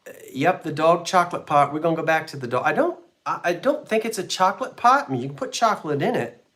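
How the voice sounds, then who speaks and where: A man's voice: a little high, a bit bright. A man selling antiques in a live online auction, describing each item in a chatty, rambling way with homey jokes and asides. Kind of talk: casual live sale presentation.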